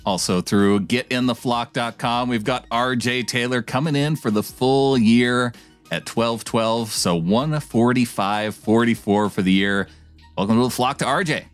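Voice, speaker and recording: Soft music plays behind a male podcast co-host as he delivers a listener's email playfully and theatrically, then chats casually. His voice is mid-range and his pace unhurried.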